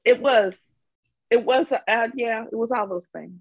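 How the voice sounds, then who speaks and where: A woman from Mississippi, a guest telling travel stories in lively casual chat. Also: fairly high pitch, a little slow, gravelly, breathy edge, no room sound. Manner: lively storyteller.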